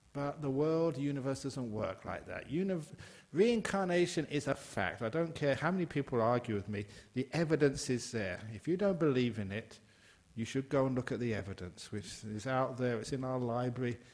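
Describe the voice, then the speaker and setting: An older man, a Buddhist monk from England, giving a conversational and humorous dharma talk, emphatic with sudden rises in pitch. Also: a little mellow. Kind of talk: dharma talk to a live audience.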